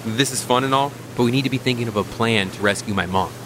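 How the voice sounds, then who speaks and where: A man's voice: mid-range voice, quick pace, background noise, natural voice. A man voicing an eager young guy pushing his friends to move.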